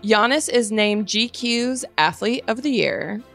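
A woman's voice: a little high, expressive, a little slow, fairly bright tone, faint music behind. A woman co-hosting a casual sports podcast, reading out headlines in a dry, plain way and chatting with friends. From Chicago area. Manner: reads news items dryly, laughs between them. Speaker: podcast co-host.

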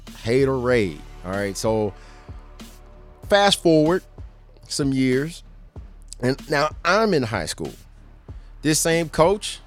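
A middle-aged man tells a story from his youth in a casual, animated way, laughing now and then and tripping over his words. His voice sits in an ordinary middle pitch and leaps up when he acts out other people's lines. Faint music plays behind him. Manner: laughs and restarts often. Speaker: podcast host.

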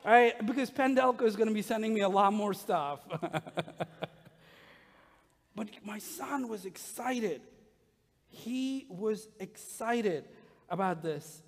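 A middle-aged man, a pastor, preaching a sermon with animated, humorous personal stories to his congregation in a church. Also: sits high, slow pace, long pauses. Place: church sanctuary. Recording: long reverb of a large hall.

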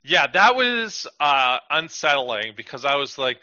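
A man's voice: medium pitch, very animated, measured pace, sharp tone, no room sound, highs cut off. A man co-hosting a podcast, chatting casually and rambling with lots of fillers and acted-out quotes. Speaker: podcast co-host. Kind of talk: casual chat.

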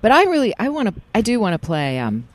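Woman voice actress, medium pitch, lively chatty talker with fillers, dry close recording. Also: fast talker, dry recording. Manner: animated, chatty, many fillers and restarts. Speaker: voice actress guest. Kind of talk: casual interview chat. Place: parking lot.

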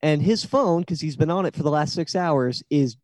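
A man in his thirties co-hosts a casual podcast, his voice a touch high yet mellow and warm. He rambles through stories with plenty of build-up. The sound is dry and close. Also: animated, normal speed, no echo. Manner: chatty storyteller with long build-ups. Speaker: podcast co-host. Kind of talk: casual chat.

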